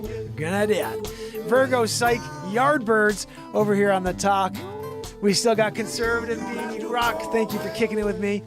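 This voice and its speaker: Guy with a high-ish voice doing livestream shout-outs, loud and animated, music going behind him. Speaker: host. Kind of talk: casual livestream chat. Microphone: desk mic.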